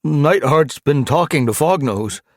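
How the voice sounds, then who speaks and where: A man's voice: deep voice, animated, unhurried, darkish tone, breathy edge, dry recording, studio quality, pitched above the performer's own voice, exaggerated voice. A man voicing an anxious white tomcat warrior who stammers and hisses when cornered in an audiobook. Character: anxious white male warrior cat, loyal follower. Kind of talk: audiobook character voice.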